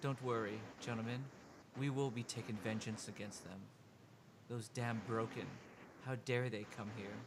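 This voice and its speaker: A man's voice: mid-range voice, steady tone, normal speed, noisy background, lightly acted. A man voicing an indignant male nobleman who vows vengeance in a stiff manner.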